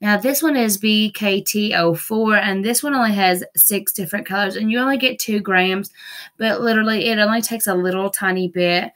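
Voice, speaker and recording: A woman's voice: mid-range voice, normal speed, fairly bright tone. A woman vlogging a nail-product haul from home, gushing and repeating herself with casual fillers. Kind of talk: casual haul video chat. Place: busy home with TVs and dogs.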